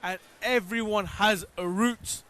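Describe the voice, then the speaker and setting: A man with a notably high, bright and forceful voice hosts a live outdoor broadcast. He talks in an exhorting, preacher-like way, pressing his appeals on viewers. He is out in the open on a pilgrimage walk. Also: steady tone, slow pace. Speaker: presenter of live pilgrimage coverage.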